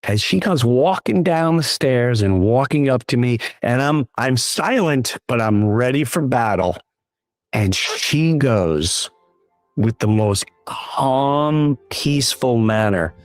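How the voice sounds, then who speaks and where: A man telling a personal story at an open mic, animated and acting out the quotes. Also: mid-range voice, dry recording, faint music behind. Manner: unhurried, animated, acts out quotes.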